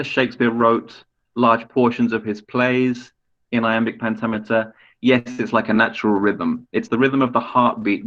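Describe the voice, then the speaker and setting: Guy teaching poetry over a video call, patient and explaining step by step, medium voice, bit dull sounding audio. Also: medium pitch. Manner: patient, explanatory, with restarts and questions to students. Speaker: poetry lecturer. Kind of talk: online webinar lecture.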